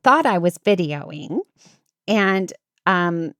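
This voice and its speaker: Animated, lively woman telling a story. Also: extremely slow, no echo, clean studio sound. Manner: animated, acts out quotes with big pitch jumps. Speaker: podcast host. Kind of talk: casual storytelling chat.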